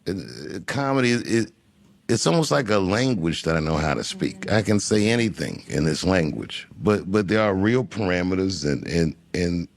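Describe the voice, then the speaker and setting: A man who is a comedian, telling a long story in an interview in an unhurried, musing way with frequent restarts. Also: low voice, expressive, creaky. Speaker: comedian guest.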